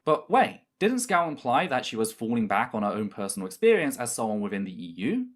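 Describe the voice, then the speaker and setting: A man's voice: mid-range voice, wildly swooping pitch, fairly quick. Indignant male commentary narrator. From United Kingdom. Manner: indignant, argumentative. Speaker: commentary YouTuber.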